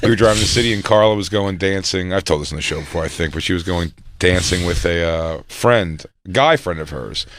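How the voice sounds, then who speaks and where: A man's voice: low voice, brisk, few pauses, noisy background. A man co-hosting a radio show, telling stories in casual studio banter and mimicking the people in them. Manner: storytelling, mimics others in quotes.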